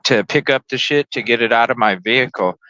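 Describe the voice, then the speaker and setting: Fairly quick and bright, this man's mid-range voice has a forceful tone, captured lo-fi without echo. He hosts a podcast and, having lived in Chicago, spins a lively, casual story full of swearing and voiced-out characters.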